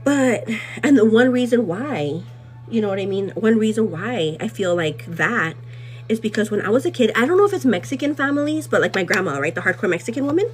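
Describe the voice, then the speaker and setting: A young woman hosting a live vlog, rambling in a gossipy, casual way, full of "like" and "you know what I mean," animated and quick to laugh. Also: faint music behind. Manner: animated and laughing, pitch jumps up when riled. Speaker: livestream host.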